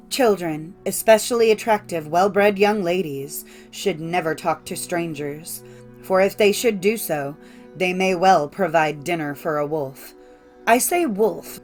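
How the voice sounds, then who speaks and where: A woman reading a classic fairy tale aloud in a measured, clear storytelling manner. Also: lowish voice, a little mellow. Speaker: audiobook narrator. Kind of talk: scripted storybook narration.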